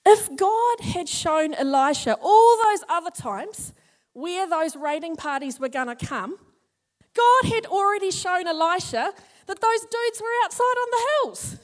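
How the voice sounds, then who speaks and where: A woman teaching a Bible passage in a chatty, animated sermon, acting out the characters as she goes. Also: extremely high pitch, measured pace.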